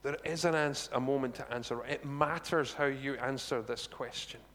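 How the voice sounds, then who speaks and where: A man's voice: mid-range voice, normal speed. Man preaching in a reverberant hall. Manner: conversational, animated preaching with asides to the congregation. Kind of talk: sermon. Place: church hall. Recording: long reverb of a large hall.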